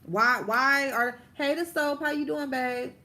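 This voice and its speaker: A woman's voice: high-pitched, a little slow, sharp tone. A woman hosting a casual livestream, ranting bluntly and profanely, stretching out her emphatic lines while she does her makeup. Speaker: vlogger host.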